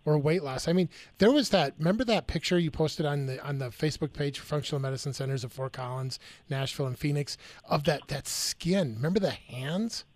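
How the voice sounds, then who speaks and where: A man's voice: fairly high pitch, brisk, few pauses, darkish tone, dry recording. A man hosting a radio talk show, reacting with enthusiasm and asking his guest questions. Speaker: radio host. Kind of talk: casual talk radio chat.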